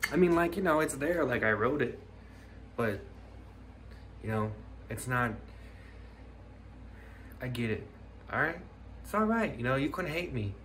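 A man's voice: mid-range voice, lively intonation, unhurried, long pauses, a bit bright, slight background noise. A young man rambling through a comic monologue outdoors, mumbling and trailing off into near-whispers, mocking himself. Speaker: comedy video creator. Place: outdoors on a hike.

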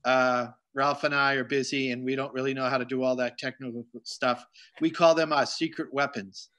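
Bright-voiced joking male host. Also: medium pitch, fairly even intonation, moderate pace. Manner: joking, reads out viewer greetings. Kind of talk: casual chat on a video call. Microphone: video call.

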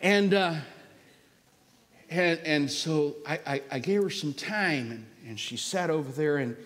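A man's voice: fairly high pitch, measured pace. A man preaching a sermon, telling a story in a folksy way and acting out the voices of the people in it. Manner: folksy, animated, acts out quoted voices. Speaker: guest preacher. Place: large church sanctuary. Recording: church hall with long reverb.

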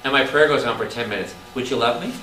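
Male priest, Bible study teacher, animated, keeps questioning listeners, roomy echo, distant mic, noisy background. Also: medium pitch, fast. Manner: animated, quizzes the audience with constant questions, bursts into loud exclamations. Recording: echoey room, distant mic, audible background noise.

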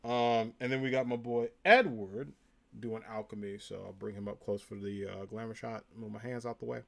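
A man's voice: fairly low pitch, steady tone, normal speed, gravelly. A young man with a New Jersey accent chatting casually on a live stream, upbeat and full of ums and likes. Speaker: live streamer showing a convention haul.

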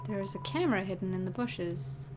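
A young woman commenting on a video game she is playing, excitable and emotional, with loud reactions. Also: mid-range voice, a little fast, music in the background. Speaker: gamer. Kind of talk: let's play commentary.

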